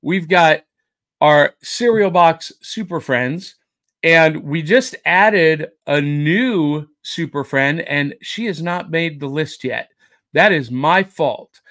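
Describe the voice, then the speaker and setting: A man's voice: on the high side, lively intonation, slow, a bit bright. A man hosting a pop culture podcast, with jokey, upbeat showman patter. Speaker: podcast host. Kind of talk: casual podcast chat.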